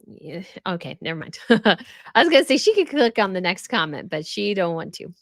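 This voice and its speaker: A young American woman hosts a relaxed live stream, reading viewer comments and answering in a chatty, easygoing way. Her voice sits in a middle pitch, recorded close and dry with no room sound. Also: fairly quick, dry recording. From United States. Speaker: royal news channel host reading live chat. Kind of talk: casual live-stream chat.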